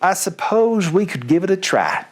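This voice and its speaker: A man reading puts on a worn-out father fox with a Southern US drawl. His voice is gentle and steady, tender with his family yet resolute, in a storybook manner. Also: high voice, normal speed, pitched above the performer's own voice. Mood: weary.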